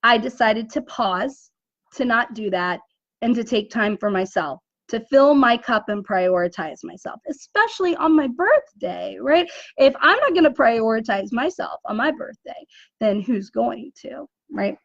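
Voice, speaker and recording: A woman business coach speaks in a high voice, talking straight to her live-stream audience from a dim room. She works through rhetorical questions and keeps checking in with "right?". The audio is dull and lo-fi. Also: lively intonation, measured pace, gravelly, no room sound. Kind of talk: motivational live-stream talk.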